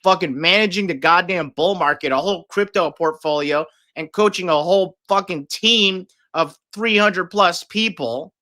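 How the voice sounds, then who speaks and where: A man's voice: sits high, normal speed, hardly any pauses, bright, forceful tone. A man hosting a livestream, talking casually and aggressively, swearing often and berating his viewers. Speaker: livestream host. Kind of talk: profane livestream rant.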